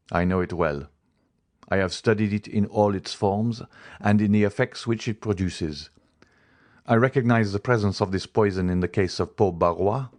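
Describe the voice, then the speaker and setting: Man playing a grave audiobook doctor, deep, steady, certain. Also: lightly acted. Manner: measured, coldly certain. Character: grave, stern middle-aged male doctor.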